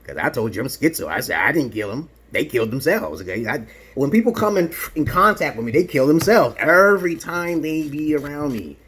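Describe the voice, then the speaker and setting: A man's voice: fairly high pitch, big pitch swings, brisk, a bit bright, slightly rough. A man from Brooklyn, New York, rambling through a casual vlog monologue in a boastful, provocative and profane way, tagging "okay?" onto his points. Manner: peppers talk with "okay?". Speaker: vlogger.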